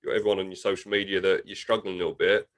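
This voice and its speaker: A man's voice: deep voice, level tone, rapid-fire. A young man hosting a casual interview, chatty and often restarting his words. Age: young adult. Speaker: host.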